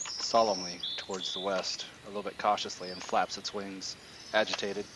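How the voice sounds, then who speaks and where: A man's voice: sits low, normal speed, background noise. Man narrating as dungeon master. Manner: descriptive, relaxed storytelling with fillers. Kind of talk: narrating a tabletop game.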